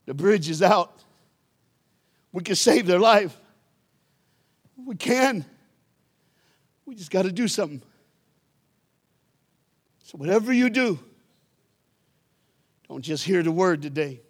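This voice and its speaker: A man delivers a storytelling sermon as a guest youth speaker in a church, animated and conversational, breaking into sudden emphatic bursts. His voice is high-pitched, and he takes it slowly with frequent pauses.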